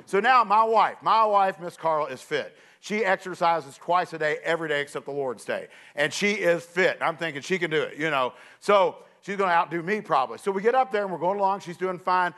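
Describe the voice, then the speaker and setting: A middle-aged man preaching, telling a story with lively delivery and acting out the other people's voices. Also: fairly high pitch, brisk, hardly any pauses. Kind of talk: sermon illustration.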